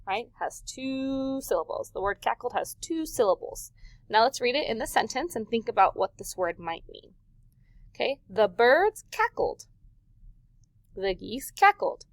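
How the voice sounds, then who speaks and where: Animated woman teacher, dry close sound. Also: on the high side, moderate pace, no room sound. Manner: animated, questioning, stretches words for emphasis. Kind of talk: recorded vocabulary lesson for young children.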